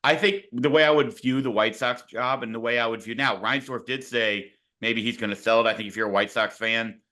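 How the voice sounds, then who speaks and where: A man's voice: mid-range voice, fairly even intonation, a little fast, pushed and bright. A man co-hosting a casual sports podcast, reflective and full of hedges, playfully pushing back on his partner. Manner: hedging, reflective, playfully argumentative. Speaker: podcast co-host.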